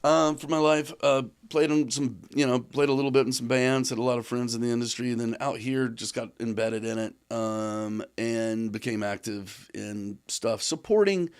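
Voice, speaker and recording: A man's voice: mid-range voice, normal speed, hardly any pauses, clear, resonant tone. A man in casual podcast conversation, rambling a little, with many fillers and restarts.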